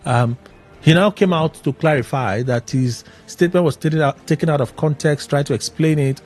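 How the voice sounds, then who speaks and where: Animated radio host, man. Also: a little high, moderate pace, faint music behind. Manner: animated, exclaims and laughs as he recaps. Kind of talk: casual radio commentary.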